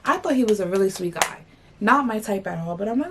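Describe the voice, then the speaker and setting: A woman's voice: mid-range voice, fast, slight background noise. A young woman from New York, talking casually as she tells a story and repeats 'like' and 'blah blah'. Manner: animated, slangy retelling full of 'like' and 'blah blah'. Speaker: vlogger.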